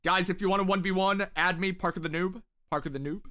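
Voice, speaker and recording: His voice sits high, steady and sharp, moving at a quick pace. This young man hosts a mobile shooter livestream with a headset, giving casual commentary to viewers and repeating phrases constantly as he plays.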